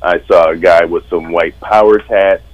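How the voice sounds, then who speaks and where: Man, low voice, dry sarcastic storyteller, casual co-host banter. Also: steady tone, normal speed, lo-fi sound. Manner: sardonic storyteller. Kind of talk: casual chat.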